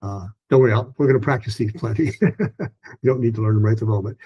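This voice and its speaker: Relaxed male teacher with a husky voice. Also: on the low side, quick pace, dull audio. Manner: relaxed, informal, with many fillers; gestures while explaining. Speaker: pronunciation teacher. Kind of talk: online lesson.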